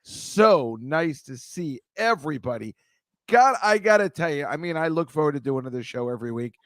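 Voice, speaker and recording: A man's voice: on the high side, animated, normal speed, a bit bright, dry recording. Rambling, dry-sounding man chatting to viewers. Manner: rambling, self-interrupting, joking asides. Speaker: host reading viewer comments. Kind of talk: casual live-stream chat.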